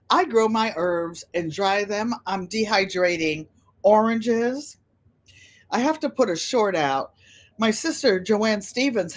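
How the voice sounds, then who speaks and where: Older woman hosting a livestream, rambling casual chat, welcomes viewers by name. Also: mid-range voice. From United States. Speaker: livestream host.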